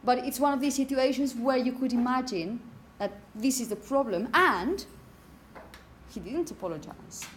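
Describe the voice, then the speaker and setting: A woman lecturing on phonetics, her voice sitting a little high for a woman. She explains patiently and keeps checking in with her listeners. Now and then she taps out rhythmic example phrases, with a faint hiss underneath. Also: moderate pace. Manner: explanatory, checks in with "okay?" and "yeah?". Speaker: phonetics teacher. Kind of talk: lecture to teachers.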